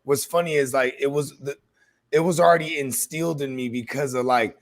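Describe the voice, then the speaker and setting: A man's voice: medium pitch, fairly quick. A man with a mid-range voice chats easily on a podcast, riffing on culture with a loose, conversational flow. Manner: loose, relaxed, says "you know what I mean" often. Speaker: podcast co-host. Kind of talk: casual chat.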